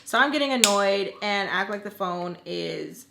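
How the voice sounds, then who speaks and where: A young woman vlogger telling a long story in casual chat, animated and full of "like", acting out angry phone calls. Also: medium pitch, unhurried, gravelly. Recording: echoey room, faint noise.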